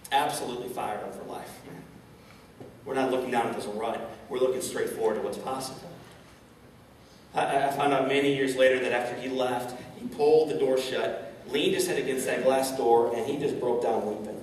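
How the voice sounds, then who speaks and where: In a large indoor event hall, a motivational speaker from St. Louis, Missouri, gives an inspirational keynote in a medium-pitched, darkish, steady voice at normal speed. His speech features stammered repeats and frequent rhetorical questions. The mic is far off, the hall echoes, and there's slight background noise.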